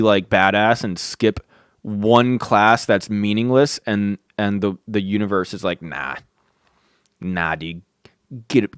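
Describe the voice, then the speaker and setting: A man's voice: fairly low pitch, clear, resonant tone, no room sound, studio quality. Laid-back young man rambling with "dude". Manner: rambling, swears often, says "dude" and "like" constantly. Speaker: podcast host. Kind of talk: casual storytelling monologue. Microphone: close studio mic.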